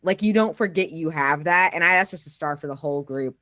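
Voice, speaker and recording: A woman's voice: low-pitched, brisk, fairly bright tone, dry recording, clean studio sound. An American woman gushing with praise in casual chat after a tabletop game, with lots of "like" and restarts. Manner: effusive, gushing praise with frequent "like".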